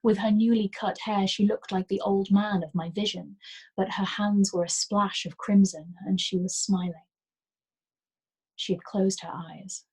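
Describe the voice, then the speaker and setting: A woman reading a novel aloud as a storyteller, in a soft and gentle manner that sometimes drops to a whisper. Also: medium pitch, steady tone, a little slow, breathy edge, rough recording.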